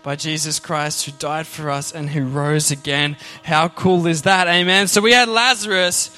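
High, bright-voiced man preaching animatedly. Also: moderate pace, faint music behind. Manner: animated, engages audience with "amen?". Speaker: pastor. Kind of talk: sermon.

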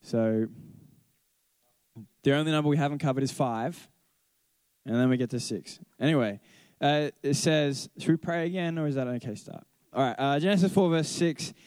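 A man's voice: medium pitch, a little fast, a little mellow, no echo. A man who teaches, giving a casual Bible talk, rambling and correcting himself as he tells stories. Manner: rambling, self-correcting storyteller.

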